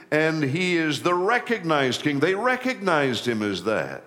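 A middle-aged pastor delivers a sermon, his pitch and volume climbing on key phrases and his pace slowing for weight. His voice swings widely in pitch and has a slightly bright tone.

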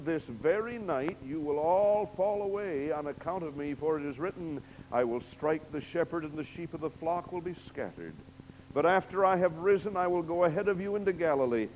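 A male preacher delivering a sermon in a church sanctuary, his voice sitting a bit high for a man. He reads scripture dramatically, swinging between hushed lines and loud, emphatic ones. A long reverb trails off every phrase. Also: expressive, normal speed. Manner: dramatic, emphatic reading with big swings in loudness.

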